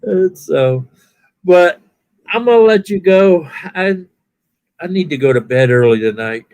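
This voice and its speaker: A live-stream viewer, an older man whose accent mixes Southern and Californian, rambles casually and keeps correcting himself. His high voice is a little mellow, with lively intonation and an unhurried pace.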